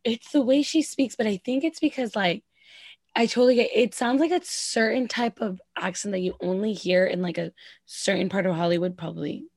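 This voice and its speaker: A woman in a mid-range voice gossips about a reality TV show, her talk packed with "like" and quick asides. The sound is dry and close, with no room around it. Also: medium pitch, darkish tone, no echo. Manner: quick, gossipy, filler-heavy with lots of "like". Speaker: podcast co-host. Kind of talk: casual reality TV recap chat.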